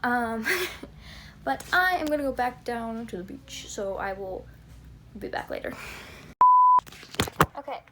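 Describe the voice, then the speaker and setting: A woman's voice: on the high side, animated, slow pace, pauses often, a bit bright. A young woman vlogging casually about books she is reading, chatty and giggly, rambling between thoughts. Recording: noisy phone recording.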